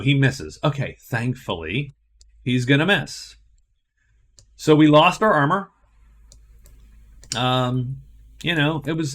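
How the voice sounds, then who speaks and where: A man's voice: fairly high pitch, fairly bright tone. A man narrating a solo board game playthrough, thinking aloud and explaining each move step by step.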